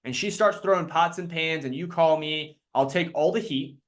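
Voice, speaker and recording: A man leading a live sales training talk, energetic and quick to act out his clients in put-on voices. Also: fairly high pitch.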